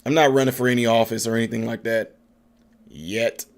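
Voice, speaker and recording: A man's voice: medium pitch, fairly even intonation, fairly quick, vocal fry. A man hosting a casual political livestream, chatting loosely and answering viewer comments. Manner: chatty, laughs often, coos at his dog in a soft baby-talk voice.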